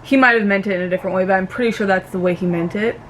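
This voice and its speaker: A young woman vlogger ranting casually about a reality show, animated and swearing freely. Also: medium pitch, very fast, slight background noise.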